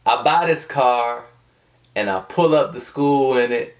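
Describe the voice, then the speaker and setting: A man's voice: medium pitch, measured pace. A man talking casually and unscripted to his viewers, in a loose, colloquial, digressive way. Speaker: vlogger. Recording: distant from the mic.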